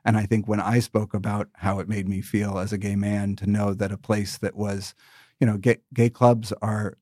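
American man, thirties, low voice, dry close mic, measured interview answers with restarts. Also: level tone, darkish tone, dry recording. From United States. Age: 30s. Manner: measured, thoughtful, with many restarts. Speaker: political candidate, former ambassador.

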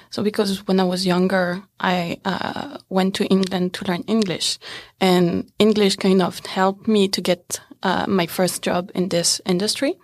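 A young French woman with a French accent, answering interview questions in English in a hesitant, halting way with lots of "uh" and "um.". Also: medium pitch, dry recording. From France. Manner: hesitant, halting, laughs easily. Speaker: interview guest. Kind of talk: casual interview chat.

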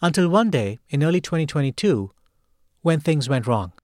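Measured male podcast host. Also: fairly high pitch, very animated, a little mellow, no echo, studio quality. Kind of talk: scripted narration.

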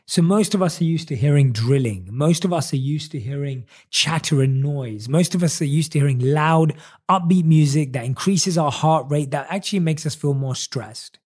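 A man giving an earnest motivational talk, stacking rhetorical questions and slowing down on key words. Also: a little high, dark tone, husky. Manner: earnest, repetitive rhetorical questions, speeds up and slows for emphasis. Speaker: motivational speaker.

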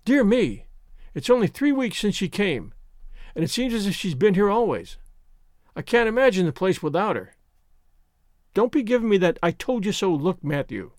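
A brisk, no-nonsense older spinster, as a male storyteller puts her on, scolding as she goes. The read is close and dry, with plenty of pitch movement. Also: very animated, no room sound. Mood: stern. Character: stern, practical older spinster woman.

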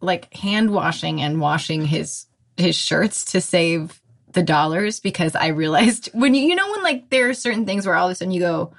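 A woman guest in casual chat, halting and restarting her sentences. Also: on the low side, animated, vocal fry.

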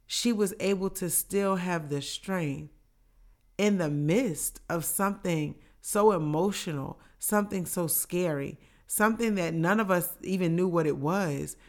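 Earnest woman sharing a faith story. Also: on the low side. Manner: earnest, reflective, faith-filled. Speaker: podcast host. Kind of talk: personal storytelling.

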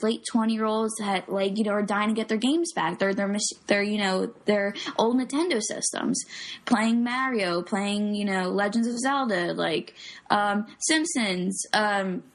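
A woman's voice: medium pitch, a little slow. Chatty young woman on a podcast. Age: young adult. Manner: chatty, uses lots of likes. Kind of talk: casual chat.

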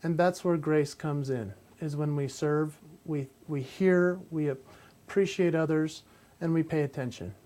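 A man co-hosting a podcast, telling a personal story in a lively way and slowing down for reflective points. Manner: animated, acts out quoted voices and drops low and slow for reflective points. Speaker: podcast co-host and coach. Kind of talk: conversational storytelling.

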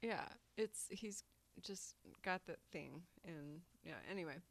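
A woman's voice: on the low side, slow pace, creaky. A woman co-hosting a podcast in casual, upbeat chat. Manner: chatty and upbeat. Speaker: podcast co-host.

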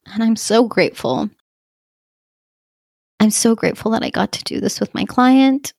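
A woman's voice: a little high, lively intonation, normal speed, vocal fry, darkish tone, no room sound, clean studio sound. A woman coach speaking in a reflective solo podcast monologue, heartfelt and effusive, laughing often and using many fillers.

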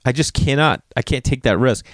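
A man's voice: mid-range voice, fairly quick, no room sound, clean studio sound. A man telling a story in casual talk, swearing freely and acting out what people said. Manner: animated, profane, acts out quotes.

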